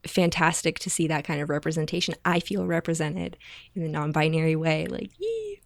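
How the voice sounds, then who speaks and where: A woman's voice: deep voice, level tone, fairly quick, gravelly, no echo, clean studio sound. A woman co-hosting a casual chat, gushing with enthusiasm and leaning on lots of fillers. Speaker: podcast co-host.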